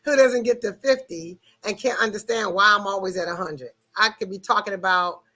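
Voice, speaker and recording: A middle-aged woman explaining personality types in a casual, chatty way. Her voice is bright and forceful, and she puts full energy into everything she says. She stays intense and emphatic even on small topics. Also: mid-range voice, moderate pace. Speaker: personality-type presenter.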